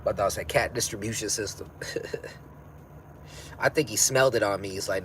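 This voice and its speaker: A man's voice: on the low side, normal speed, long pauses, noisy background. A man in his thirties hosting a casual livestream, talking in a laid-back, rambling way full of slang and swearing. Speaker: livestream host.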